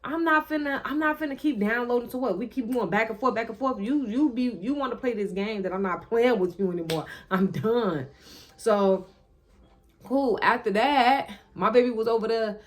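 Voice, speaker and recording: A woman telling a personal story straight to her viewers in a casual, animated and profane monologue. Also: fairly high pitch, normal speed. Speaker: vlogger.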